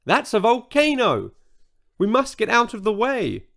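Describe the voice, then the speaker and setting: A man voicing a brisk, motherly female dinosaur who talks decisively in a children's story. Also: on the high side, big pitch swings, heavily acted.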